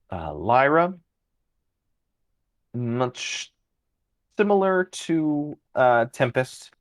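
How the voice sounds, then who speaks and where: A man's voice: low voice, no echo. A man narrating as game master of a tabletop game, loose and chatty, with many ums.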